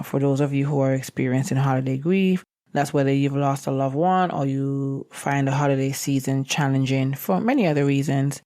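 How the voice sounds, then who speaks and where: Young adult woman, low register, podcast host. Somber and reflective, teary and openly emotional. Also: dark tone. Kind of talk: personal podcast monologue.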